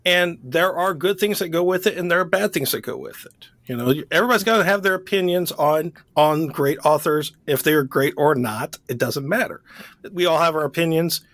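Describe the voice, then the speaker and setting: A man co-hosting a book podcast in relaxed chat. He rambles and corrects himself as he goes, in a somewhat high voice. The recording is dry and close. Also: fairly quick, no room sound. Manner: rambling, self-correcting, laughs easily. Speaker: podcast co-host. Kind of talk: casual chat.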